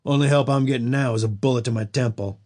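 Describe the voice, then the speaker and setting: Man voicing a gruff elderly man, blunt, profane, audiobook reading. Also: medium pitch, quick pace, darkish tone, close to an everyday voice. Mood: grim. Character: elderly male gun store owner, gruff.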